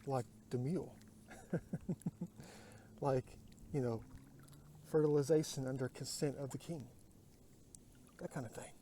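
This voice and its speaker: Man rambling softly from a kayak. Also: mid-range voice, fairly even intonation, unhurried, pauses often, a little hiss or hum. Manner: muses aloud, drifting to murmurs and whispers. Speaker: vlogger. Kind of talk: rambling outdoor vlog. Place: outdoors on a lake, in a kayak. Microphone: phone.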